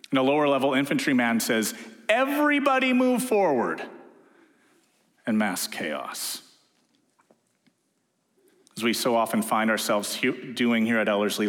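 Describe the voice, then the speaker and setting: A man preaching a sermon, telling stories and acting out quotes in different voices. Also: medium pitch. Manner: lively storyteller, acting out quotes in character voices. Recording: echoey hall reverb.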